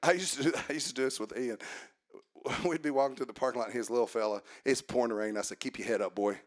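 A male preacher delivering a sermon in a church, swinging from quiet talk to shouted, sing-song preaching. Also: mid-range voice, fast talker. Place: church sanctuary.

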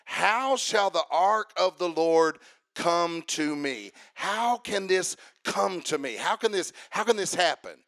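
A man preaching a sermon in a church, calling for amens and rising into shouted, sing-song lines. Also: sits high, animated, takes it slowly.

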